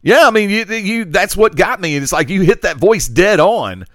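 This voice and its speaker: A man's voice: high-pitched, lively intonation, normal speed, no room sound, clean studio sound. A man competing in a trivia quiz, sighing and grumbling as he searches for answers. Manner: exasperated, sighing, self-deprecating. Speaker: quiz contestant. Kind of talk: casual banter.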